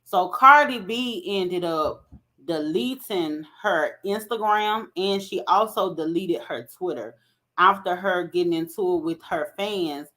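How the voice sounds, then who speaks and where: A woman's voice: lowish voice, a bit bright. A woman hosting a casual commentary vlog, talking conversationally and often checking in with "right?". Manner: conversational, keeps asking "right?". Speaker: commentary host.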